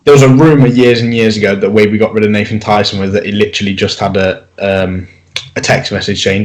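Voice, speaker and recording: Brief: male co-host, lowish voice, calm and agreeable in casual football talk. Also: quick pace, low-quality recording. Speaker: podcast co-host.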